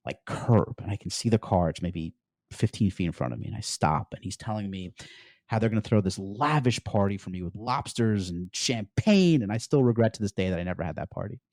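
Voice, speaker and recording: Brief: middle-aged man, low mellow voice, dry close sound, animated interview storyteller. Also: fairly quick, no room sound. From United States. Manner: animated storyteller, peppers speech with "like". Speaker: podcast guest.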